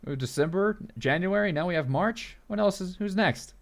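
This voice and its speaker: A gaming video host with a high-pitched, expressive, creaky voice talks at a moderate pace. He gives casual let's play commentary as he plays, cracking jokes and reading the on-screen text aloud.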